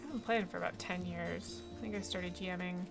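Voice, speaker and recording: A woman's voice: on the low side, fairly even intonation, quick pace, creaky, music in the background. A woman streaming a game, chatting casually in a rambling, self-deprecating way. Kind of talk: casual gameplay chat.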